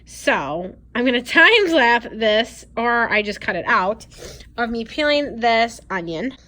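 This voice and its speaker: A woman's voice: fairly high pitch, big pitch swings, slow pace, pushed and bright. A woman in her twenties chatting to her viewers as she walks them through a recipe in her home kitchen, upbeat and casual. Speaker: lifestyle vlogger. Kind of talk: casual cooking vlog.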